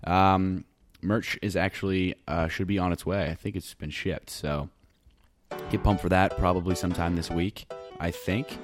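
A man's voice: low-pitched, fairly even intonation, moderate pace, faint music behind. A young man co-hosting a podcast, chatting casually, joking and laughing a lot. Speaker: podcast co-host. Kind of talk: casual chat.

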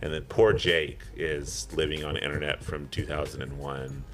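A man's voice: extremely low pitch, little pitch movement, moderate pace, music in the background. A man in his thirties co-hosting a podcast, chatting casually and rambling off on tangents with chuckles. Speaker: podcast co-host.

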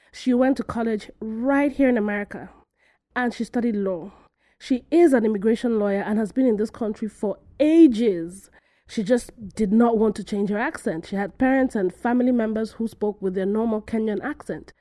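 A woman from Africa hosting her own podcast, telling a story in a lively way and acting out the voices of the people in it. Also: mid-range voice, moderate pace, dry recording. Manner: animated storytelling, acts out quoted voices. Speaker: podcast host. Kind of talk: solo podcast monologue.

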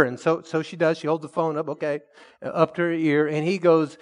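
A man preaching a sermon, telling a story and slowing down to stress key words. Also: a little high. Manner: storytelling preacher, slows for emphasis and rises when excited. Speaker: pastor.

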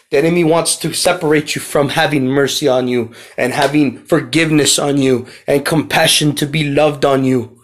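A man preaching a podcast sermon with passion, repeating phrases for emphasis and rising toward near shouts at key lines. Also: fairly high pitch. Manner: impassioned, rising to near shouts when reading scripture.

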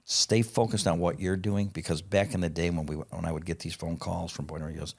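A middle-aged man telling a profane, lively anecdote in casual conversation. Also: low voice, a little fast, gravelly. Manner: profane, animated anecdote teller. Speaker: guest. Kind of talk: casual storytelling.

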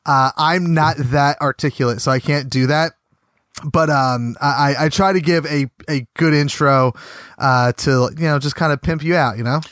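A man hosting a podcast, talking in a loose, rambling way full of fillers and restarts. His voice sits a bit high for a man, and the sound is very dry and close. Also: normal speed, a bit bright, no room sound. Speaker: podcast host. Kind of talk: casual podcast chat.

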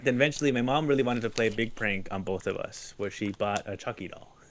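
A man's voice: on the low side, fast, a little hiss or hum. A man chatting casually on a podcast, telling a story with lots of laughter and acted-out quotes. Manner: lively storyteller, laughs often, acts out quotes. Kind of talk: casual chat.

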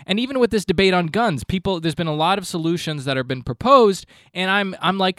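Deadpan, mock-earnest male comedy podcast host. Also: high voice, brisk, hardly any pauses, dry recording, clean studio sound. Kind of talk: comedic monologue.

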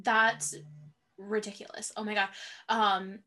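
A woman's voice: mid-range voice, little pitch movement, slow pace, bright, forceful tone. A young woman co-hosting a podcast in casual chat, mostly reacting to her co-host with short exclamations.

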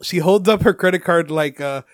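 Young New guy, high voice, animated storyteller, dry close mic, casual swearing. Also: moderate pace, no echo. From North Jersey. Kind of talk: casual chat.

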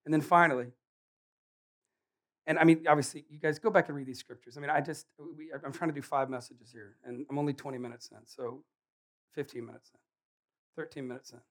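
A man preaching a sermon in a casual, animated way, joking and acting out Bible characters. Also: fairly high pitch, a little fast, long pauses.

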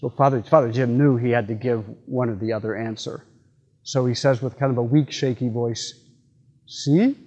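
A middle-aged man, a priest, giving a homily in a church with relaxed, folksy storytelling and frequent fillers. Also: mid-range voice, brisk, dull audio. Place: church sanctuary.

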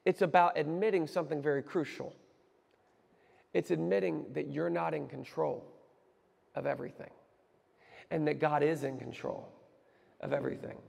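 A man preaching a sermon as pastor, animated and conversational with bits of humor. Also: a little high, normal speed, gravelly, pauses often, big-room sound.

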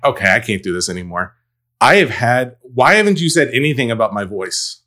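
A man in his thirties co-hosting a casual chat show, full of playful jokes. His voice sits at a middling pitch. He tends to mumble a little, mouth half closed. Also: animated, a little fast, bright, forceful tone. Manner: joking, playful banter. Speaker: podcast co-host.

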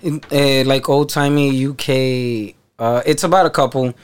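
A man with a New York accent talks casually on a podcast, blunt, profane and full of slang. His voice sits at a middling pitch. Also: steady tone, a little slow, clear, resonant tone. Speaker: podcast co-host. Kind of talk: casual chat.

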